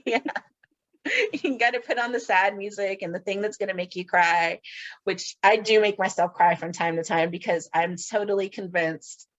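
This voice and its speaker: A woman's voice: mid-range voice, normal speed. Middle-aged woman host, laughs a lot, chatty, kinda muffled audio. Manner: laughs often, chatty and animated. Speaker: podcast host. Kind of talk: casual chat.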